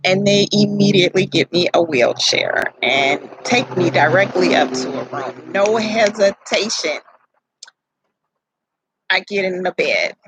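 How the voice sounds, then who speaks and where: A young woman from casually telling her birth story, animated and profane, rambling with self-corrections. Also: on the low side, measured pace, husky, no room sound, low-quality recording.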